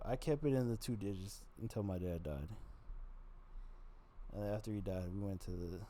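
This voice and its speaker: Man, low-pitched, mellow dark tone, candid rambling storytelling, blunt with lots of swearing. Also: a little hiss or hum. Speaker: vlogger.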